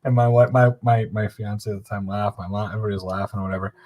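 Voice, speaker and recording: A man's voice: fairly low pitch, steady tone, fast, darkish tone. A middle-aged man telling a long, profane anecdote in casual chat on a live stream. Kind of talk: casual storytelling.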